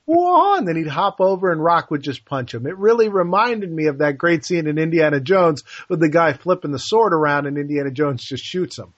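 A podcast co-host with a slightly high voice talks fairly quickly and with few pauses, eagerly retelling movie scenes in a casual film chat. The recording is dull, lo-fi, and dry, with no echo.

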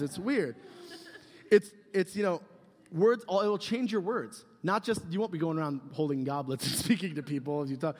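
A man's voice: a little high, animated, moderate pace. A man giving a casual, humorous youth sermon, rambling and joking with lots of fillers. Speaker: youth pastor. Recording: long hall reverb.

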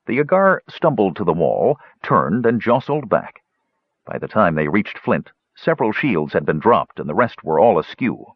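A man narrating a fantasy audiobook in a steady, expressive way. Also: lowish voice, normal speed, husky, no echo. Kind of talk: scripted narration. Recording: dull lo-fi recording.

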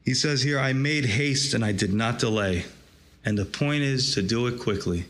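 A man's voice: mid-range voice, moderate pace, a bit bright. A man preaching a sermon, reading scripture aloud and drawing out its lesson with rising emphasis. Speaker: pastor.

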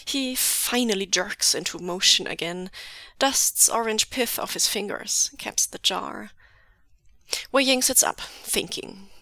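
A woman reading fan fiction aloud in a soft, measured voice that often drops to a half-whisper, close to the mic. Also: medium pitch, no room sound. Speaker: podfic reader.

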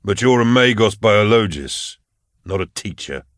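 A man's voice: fairly low pitch, lively intonation, a little slow, no echo, clean studio sound. A man voicing a robust, blunt male magistrate enforcer in an audiobook, curt and interrogating. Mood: cold. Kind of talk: audiobook character voice.

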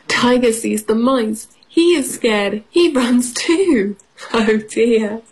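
A woman's voice: a little high, takes it slowly, husky. A woman teaching English on the radio, reading a children's storybook playfully, with sound effects and questions for the children.

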